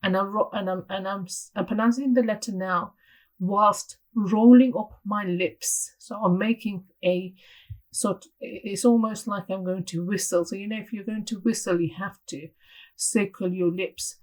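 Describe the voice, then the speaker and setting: A woman's voice: medium pitch, steady tone, measured pace, a little mellow, rough recording. A woman teaching pronunciation to teachers, explaining patiently and sounding out example syllables. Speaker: Tajweed teacher trainer. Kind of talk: instructional lesson.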